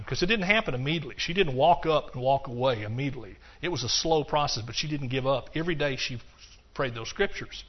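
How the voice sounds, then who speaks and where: A man's voice: medium pitch, a little fast, hardly any pauses. A man preaching a sermon, emphatic and telling a story, with frequent restarts. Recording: dull lo-fi recording.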